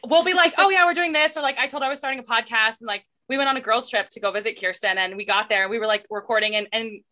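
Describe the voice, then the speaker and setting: A young woman hosts a podcast and chats with friends, her voice bright and slightly high. She teases playfully and laughs along with them. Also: steady tone, racing. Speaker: podcast host. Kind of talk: casual chat.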